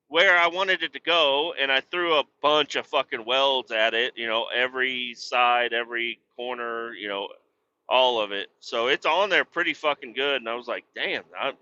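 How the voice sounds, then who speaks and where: A man's voice: medium pitch, pushed and bright, dull audio. A middle-aged man hosting a podcast, rambling casually, swearing a lot and laughing at himself. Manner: profane, self-deprecating, laughs often. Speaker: podcast host.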